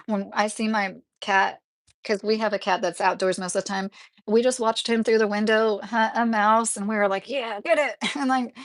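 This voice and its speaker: A woman hosting a casual live stream from her rural home, rambling through stories with lots of fillers as she answers her chat. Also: mid-range voice. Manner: chatty, rambling, with frequent fillers.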